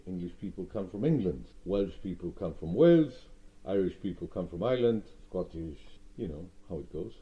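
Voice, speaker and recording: A Gibraltarian man speaking in an interview, measured and proud, with hesitant fillers. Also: low voice, expressive. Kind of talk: reflective interview talk. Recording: muffled, dull sound.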